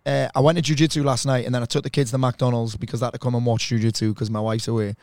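A man, a mindset coach chatting on a podcast and telling blunt, sweary, animated stories. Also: mid-range voice, rapid-fire, no room sound. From northeast England. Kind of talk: casual podcast chat.

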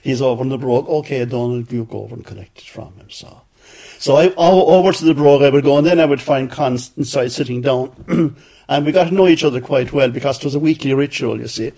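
A man's voice: mid-range voice, quick pace, creaky, mellow. An older man telling anecdotes in an interview, acting out other people's words. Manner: anecdotal, acts out quoted voices. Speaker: interviewee, former journalist. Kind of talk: storytelling interview.

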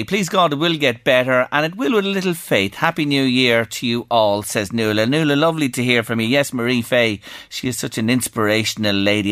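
A man's voice: mid-range voice, fairly bright tone, no room sound, studio quality. A middle-aged Irish man hosting a local radio show, chatting and reading out listener messages.

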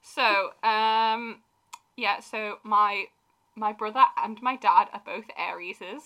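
A young woman, co-hosting a casual chat, animated and quick to laugh, acting out quotes. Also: medium pitch. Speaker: podcast co-host.

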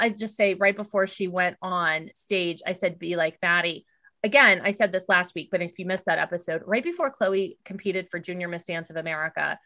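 Bright-voiced woman, blunt and animated. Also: on the low side. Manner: blunt, animated storytelling with quoted dialogue. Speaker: podcast co-host. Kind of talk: casual recap chat.

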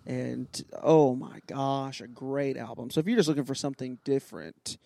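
A man's voice: mid-range voice, steady tone, normal speed, gravelly, dark tone. A man who plays music at a church, chatting on a podcast in an upbeat, scattered way that jumps between topics. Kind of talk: casual chat. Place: sound booth inside a church sanctuary.

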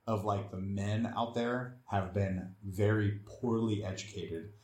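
A man's voice: on the low side, fairly even intonation, a little slow, darkish tone, roomy sound. A man in casual conversation, talking bluntly and swearing freely. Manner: blunt and profane, with laughs. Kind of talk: casual chat.

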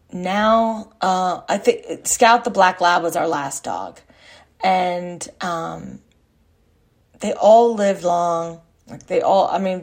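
A woman in her forties with a somewhat low voice tells a story from her childhood. She rambles and backtracks, correcting herself and filling pauses. She hosts her own podcast and speaks as casual storytelling. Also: vocal fry. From Texas. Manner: rambling, self-correcting, with many fillers. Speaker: podcast host.

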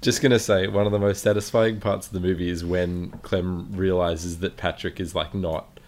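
Very deep-voiced man, thoughtful and hesitant. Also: fairly even intonation, normal speed, darkish tone. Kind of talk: casual chat about a film.

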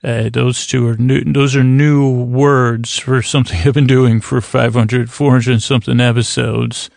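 A man hosting a sleep podcast, giving a meandering, self-deprecating late-night intro in creaky, dulcet tones, speaking close and personally to the listener. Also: mid-range voice, little pitch movement, normal speed, a little mellow, no echo.

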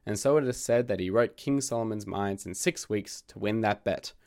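This literature podcast host, a man, delivers a scripted essay laced with wry, joking asides. Croaky from recent illness, his voice is lowish and darkish in tone, at a normal speed.

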